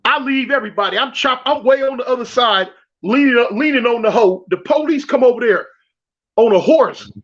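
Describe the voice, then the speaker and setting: Slangy and animated, this man from South Central Los Angeles recounts a prison story as a guest, restarting phrases and performing the quotes. He talks a little fast in a very high, somewhat bright voice, captured on a dull, lo-fi recording.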